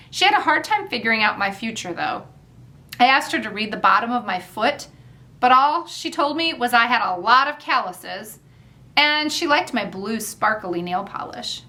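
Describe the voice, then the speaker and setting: A woman's voice: a little high, lively intonation, moderate pace, bright, forceful tone. A woman narrating a first-person audiobook in a wry, chatty manner.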